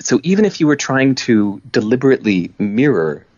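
A man, a guest on a podcast, telling stories in a relaxed, expressive way. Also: mid-range voice, fairly quick, dry recording. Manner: animated storyteller, expressive. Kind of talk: casual podcast conversation. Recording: dull lo-fi, dry sound.

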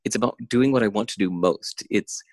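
A middle-aged man talking casually in an interview, intense and animated, with many filler words. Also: lowish voice, a little fast, dry recording. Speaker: guest. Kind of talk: casual conversation. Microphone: remote call.

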